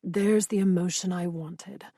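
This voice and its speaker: A woman voicing a commanding, amused male vampire lord who speaks in a low, teasing murmur in an audiobook. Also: steady tone, a little slow, mellow, no echo, studio quality.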